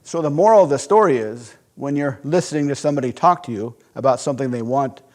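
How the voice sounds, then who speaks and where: A man teaching sales psychology through a conversational, animated personal story. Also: mid-range voice, fast. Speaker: sales instructor. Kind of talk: storytelling lesson.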